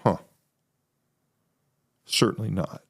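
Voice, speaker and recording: A middle-aged man, a former pastor, hosting a solo podcast and giving blunt, animated opinions. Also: slow. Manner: blunt, animated, mimics others' voices.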